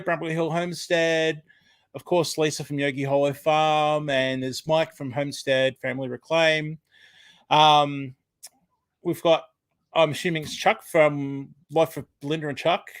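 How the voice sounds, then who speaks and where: An Australian man hosts a live chat from his desk, his voice sitting a touch high for a man. He talks in a rambling, filler-heavy way, greeting viewers by name. The sound is dry and close, with no room echo. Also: fairly bright tone. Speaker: livestream host. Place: home room at a computer. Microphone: desk microphone.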